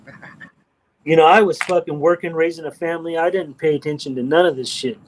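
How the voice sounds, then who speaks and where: A man's voice: on the high side, steady tone, fast talker, a little hiss or hum, rough recording. A middle-aged man from Texas, hosting a livestream and chatting casually in a blunt, profane, rambling way. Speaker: livestream host. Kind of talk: casual chat.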